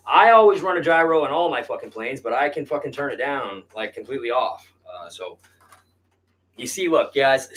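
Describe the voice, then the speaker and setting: A man's voice: mid-range voice, fairly bright tone, poor audio. A man hosting a hobby video, talking casually and bluntly with constant swearing while he works on a model plane. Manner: blunt, heavy swearing, addresses viewers as "you guys". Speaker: RC hobby channel host. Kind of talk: casual profane workshop talk to camera.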